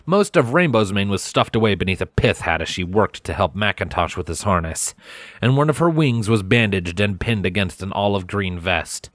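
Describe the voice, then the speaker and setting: A man reads a story aloud in the first person, steady and measured. His voice sits low, and the recording is dry and close with no room sound. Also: no echo. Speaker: fanfiction audiobook reader. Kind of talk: first-person audiobook narration.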